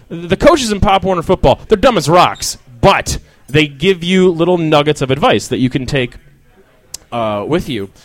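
Lively, rambling male stand-up comic. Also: on the high side, dry recording. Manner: rambling, self-deprecating, swears, riffs with the crowd. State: feeling sick. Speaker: stand-up comedian. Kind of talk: stand-up comedy set.

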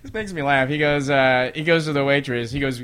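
A man's voice: medium pitch, brisk, background noise. A man performing a stand-up comedy set, acting out people around him in shifting voices. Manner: animated, acts out characters in shifting voices.

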